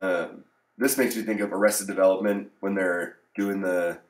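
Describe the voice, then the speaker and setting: Wry low-voiced man solving crosswords. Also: steady tone, moderate pace, reverberant. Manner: wry, offhand, sarcastic asides. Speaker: crossword channel host. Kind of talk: casual live-solve commentary.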